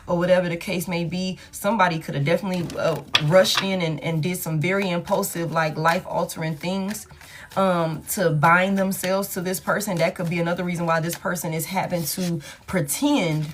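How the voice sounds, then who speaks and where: Woman, tarot reader, casual reading, blunt and profane, fairly low voice. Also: fairly even intonation, normal speed, a little hiss or hum. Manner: blunt, profane, talks straight to her viewers.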